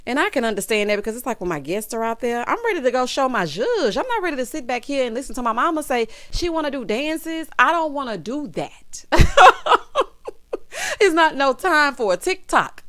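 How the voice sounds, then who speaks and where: A woman giving sassy, gossipy casual commentary as she recaps a reality show, laughing loudly. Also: a little high, very animated, fairly quick, hardly any pauses.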